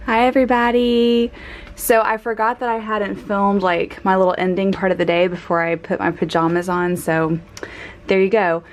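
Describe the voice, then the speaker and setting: A woman's voice: mid-range voice, little pitch movement, normal speed. A young American woman chatting enthusiastically with many fillers as she films a travel vlog. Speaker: travel vlogger. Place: out of doors in a park and city.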